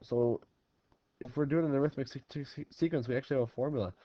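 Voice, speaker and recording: A man's voice: medium pitch, fast talker, no room sound. A male math teacher works through examples at an easy, conversational pace, talking through each step. His voice sits in a middling range. The recording is dry with no room sound and slightly muffled, lo-fi quality. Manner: casual, talks through problems step by step. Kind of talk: recorded classroom lesson.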